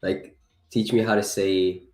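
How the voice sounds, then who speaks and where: A man's voice: fairly low pitch, flat delivery, a little slow, darkish tone, roomy sound, faint music behind. A man whose first language is French, hosting a live trading stream and chatting playfully with viewers. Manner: chatty, playful, reacts to chat with laughs.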